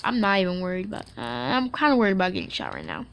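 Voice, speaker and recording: Lively, excitable woman gaming. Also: lowish voice, rapid-fire, gravelly, smooth. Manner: excitable, swears, jokey asides. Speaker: mobile game streamer. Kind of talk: casual gameplay commentary.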